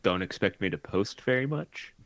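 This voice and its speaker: Man, very low voice, dry close sound, rambling, flustered, self-mocking. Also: lively intonation, normal speed, fairly bright tone, no room sound. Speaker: player. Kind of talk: casual chat over an online call.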